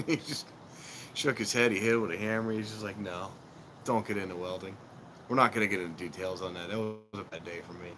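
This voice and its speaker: A man's voice: fairly low pitch, quick pace, background noise. A middle-aged man chatting casually on a live stream, telling rambling, self-mocking stories outdoors.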